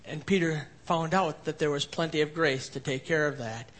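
Male pastor with a high voice, expository preaching, dynamic swings from emphatic to hushed. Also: fairly even intonation, normal speed. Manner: swings between emphatic rises and quiet low passages. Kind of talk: expository sermon.

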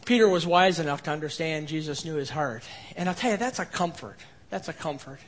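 A man preaching a sermon verse by verse as a pastor, rising to emphatic peaks and then dropping to quiet low passages. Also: lively intonation, brisk. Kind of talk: expository sermon.

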